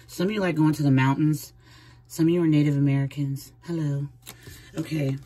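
A woman's voice: low voice, steady tone, brisk, mellow, husky, low-quality recording. A woman giving a casual tarot reading, chatty and speaking straight to the viewer with frequent laughs. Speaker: tarot reader.

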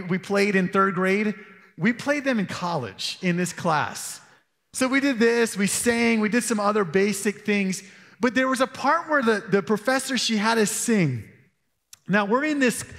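A man's voice: high-pitched, fairly bright tone, in a large hall. A man preaching a sermon as pastor, telling stories in a loose, conversational way. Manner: conversational storytelling with asides. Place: church hall.

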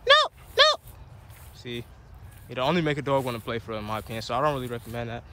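A man's voice: medium pitch, racing, very noisy. A man talking casually on a dog walk, rambling with lots of fillers and breaking off to give his dog commands. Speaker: dog owner vlogger. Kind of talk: casual vlog chat.

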